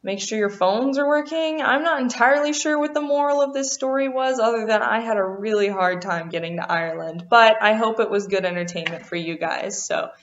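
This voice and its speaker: A young woman vlogger telling a lively storytime about a travel mishap, acting out what people said. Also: on the high side. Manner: animated, quotes people in quick voices. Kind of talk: casual storytime. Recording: dull lo-fi sound.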